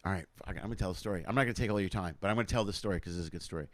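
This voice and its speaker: A man from Chicago, a comedian hosting a show, telling stories over a video call in a casual, profane, animated way, laughing as he goes. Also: low voice, rapid-fire, no echo. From Chicago, USA. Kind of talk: casual conversational storytelling.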